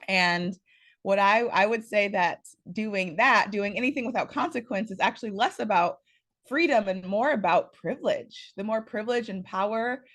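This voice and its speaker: Animated woman with a scruffy morning voice. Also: normal speed. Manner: animated, playful, varies pitch and loudness a lot. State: hoarse morning voice. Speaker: workshop facilitator, guest speaker. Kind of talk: informal presentation. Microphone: video call.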